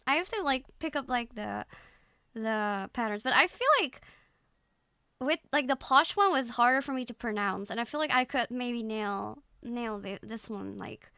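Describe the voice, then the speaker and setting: Woman, young adult, VTuber stream chat, playful teasing, bright tone, dry close sound. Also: a little high, moderate pace, smooth, dry recording.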